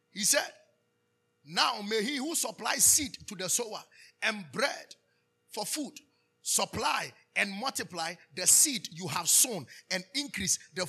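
A Ghanaian pastor preaches with a bright, husky voice, calling out questions for his listeners to finish. He switches between English and Twi as he goes. Faint music sits behind him. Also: high-pitched. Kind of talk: sermon.

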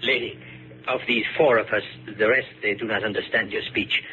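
An earnest refugee, choosing his words carefully and haltingly in an old radio play. The audio is narrow and thin, with a faint hiss. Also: lowish voice, fairly even intonation, pushed and bright. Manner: careful, halting, formal speech. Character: earnest male refugee, speaks for group. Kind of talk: 1950s radio drama acting. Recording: scratchy old radio broadcast, narrow band.

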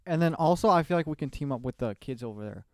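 A man's voice: on the high side, expressive, a little mellow, dry recording, studio quality. A man co-hosting a casual podcast chat, playful and jokey. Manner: playful, jokey, quick to tease. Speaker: podcast co-host.

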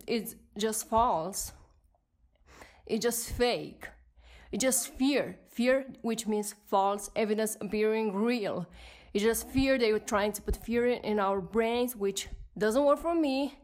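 A woman in her twenties with a non-native accent, hosting a solo podcast and ranting in an indignant tone. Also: a little high. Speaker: podcast host.

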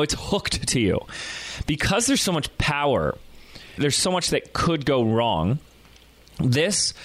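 A man's voice: medium pitch, no echo. Chatty male podcast host, dry sound. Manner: animated, rambling, lots of fillers. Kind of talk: casual storytelling monologue.

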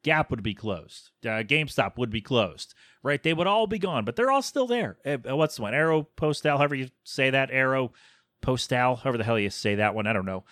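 A man's voice: medium pitch, sing-song, brisk, few pauses, fairly bright tone, dry recording, clean studio sound. A man in his thirties hosting a solo podcast, rambling casually with chatty, exasperated asides. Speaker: podcast host.

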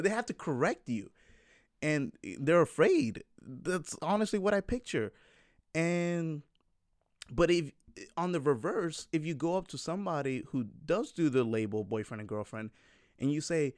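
Twenty-something dude rambling to his viewers, lots of "like" and "you know", kinda high voice, dry sound. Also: sing-song, moderate pace, no room sound. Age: 20s. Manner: rambling, filler-heavy, frank. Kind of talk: casual monologue to viewers.

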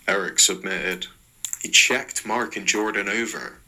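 A man's voice: sits low, fairly even intonation, unhurried, bright, forceful tone, poor audio. A man with an Irish accent narrating a comic story in an amused way. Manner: amused, breaking into laughs. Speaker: listener sending in a story.

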